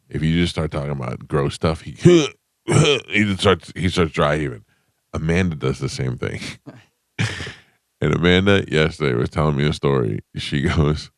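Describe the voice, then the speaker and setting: A man's voice: rumbling low, dry recording, studio quality. A male radio host telling a rambling story in casual morning-show banter, laughing as he goes.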